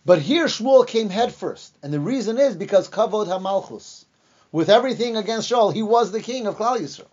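A man with a high voice teaches a lesson on the Bible, telling the story with energy and acting out the quoted lines. He pauses now and then with fillers and restarts, and the recording sounds dull and lo-fi. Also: animated, a little mellow. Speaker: Torah teacher.

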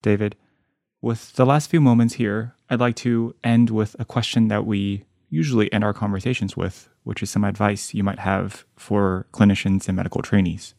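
A man's voice: on the low side, fairly even intonation, creaky, darkish tone, no echo, clean studio sound. A young man, a medical trainee hosting the show, asking a long, carefully prepared question. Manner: measured, prepared phrasing. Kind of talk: interview question.

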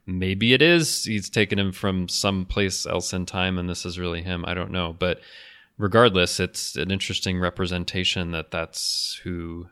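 A man with a very low, smooth and clear voice, chatting on a podcast. He thinks aloud, restarts his sentences often and laughs lightly between points. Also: fairly even intonation, normal speed, a bit bright. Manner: thoughtful, hesitant with many restarts and laughs. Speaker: podcast co-host. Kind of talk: casual discussion.

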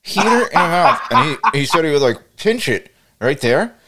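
Lively, laughing baseball podcast co-host. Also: male voice, a little high, normal speed. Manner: laughs easily, loose and jokey. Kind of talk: casual sports chat.

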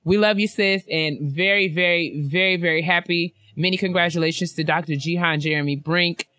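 This is a woman co-hosting a relaxed chat podcast, reading shout-outs from listeners. Her voice is bright and forward, it leaps up in pitch whenever she gets tickled, and she laughs often. The sound is dry and close, with no room around it. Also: a little fast, no room sound. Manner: animated and laughing, big pitch jumps when excited. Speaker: podcast co-host.

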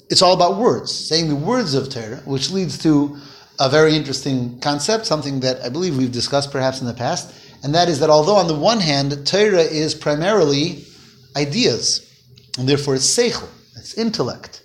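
A man teaching a Torah lesson to a class, explaining slowly and putting questions to his students. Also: on the high side, expressive.

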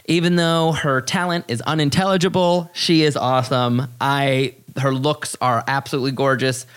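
A man hosting a podcast, talking in animated, exasperated, profane bursts that leap up high. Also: moderate pace, smooth. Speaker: podcast host. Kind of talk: casual podcast commentary.

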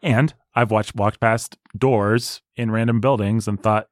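A man's voice: lowish voice, steady tone, a little slow, no room sound, clean studio sound. A man hosting a casual book podcast, playful and teasing as he reads donor names. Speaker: podcast host. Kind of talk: casual chat.

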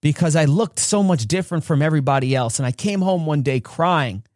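Male host, personal storytelling monologue, slightly high voice, dry close sound, emphatic. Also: fairly quick, a little mellow, no room sound. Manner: emphatic, acts out childhood dialogue with rising pitch. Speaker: podcast host.

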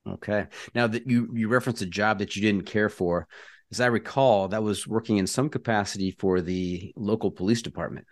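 A man's voice: fairly low pitch, fairly quick, no room sound, clean studio sound. A middle-aged man from Southern California, hosting a podcast and asking easygoing, conversational questions. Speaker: podcast host. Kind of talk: casual interview.

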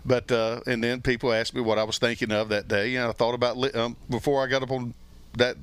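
Halting older man telling old stories. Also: medium pitch, level tone, a bit bright, clear, resonant tone, no room sound. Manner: rambling, halting with many restarts. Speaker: former baseball pitcher, guest. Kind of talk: casual storytelling chat.

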